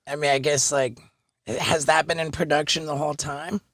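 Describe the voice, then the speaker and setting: A man hosting a podcast, talking in a brash, profane, excitable way. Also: a little high, moderate pace, no echo, clean studio sound. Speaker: podcast host. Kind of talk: casual interview chat.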